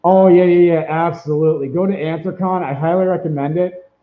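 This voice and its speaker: A man rambles cheerfully through casual advice, stumbling over his words and circling back. His voice sits a little high for a man. The sound is roomy and echoey, with a dull, lo-fi tone. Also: steady tone, a little fast. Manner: rambling, upbeat, many fillers and restarts. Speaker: vlogger giving convention tips.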